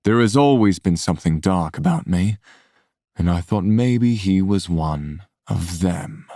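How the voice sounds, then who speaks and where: A brooding scarred warrior with a very deep voice, quiet and guarded in his speech, as a man voices him. The reading sounds close and dry, with no room in it. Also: animated, unhurried, no room sound. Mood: somber.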